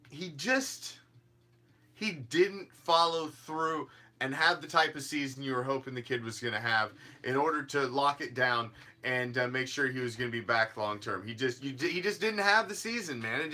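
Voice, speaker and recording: A man's voice: on the high side, bright, forceful tone. A man hosting a fan sports show, talking casually in a rambling, emphatic way with frequent restarts and some swearing. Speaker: fan podcast host.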